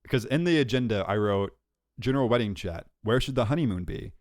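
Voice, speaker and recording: A young man co-hosting a podcast, telling a story in a lively, self-mocking way and laughing often. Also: fairly low pitch, quick pace, dry recording, studio quality. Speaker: podcast co-host. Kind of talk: casual chat, storytelling.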